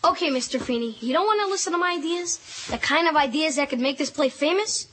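A woman's voice: sits high, lively intonation, fast talker, a bit bright. A woman voicing a cocky, scheming schoolboy who talks in smug wisecracks.

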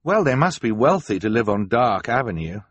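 A man's voice: mid-range voice, big pitch swings, normal speed, fairly bright tone, breathy edge, no echo, lo-fi sound. A man voicing a resourceful teenage girl inventor, the eldest sister, earnest, practical and encouraging.

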